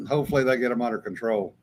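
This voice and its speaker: A man's voice: mid-range voice, fairly quick, creaky, slight background noise. A man, co-hosting a casual live chat, telling stories and reading out viewer comments between laughs. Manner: storytelling, drawling, laughs often. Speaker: co-host.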